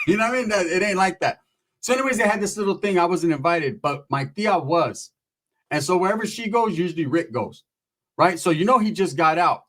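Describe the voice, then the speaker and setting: A male comic storyteller delivers a casual comedic monologue, rambling and profane, and slips into impressions of his relatives. His voice is on the higher side.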